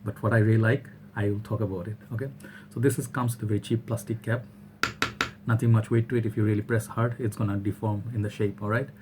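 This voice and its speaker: A man's voice: lowish voice, level tone, quick pace, noisy background. A man from Bangladesh, chatting loosely through a product review and often checking in with "all right?". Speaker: fragrance reviewer. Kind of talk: casual product review vlog.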